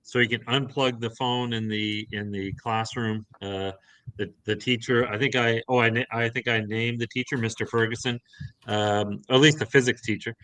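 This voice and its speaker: A man's voice: mid-range voice, fairly even intonation, moderate pace, pushed and bright, no echo. A man describing his character at a tabletop game in a chatty, rambling way. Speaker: player. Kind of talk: tabletop play.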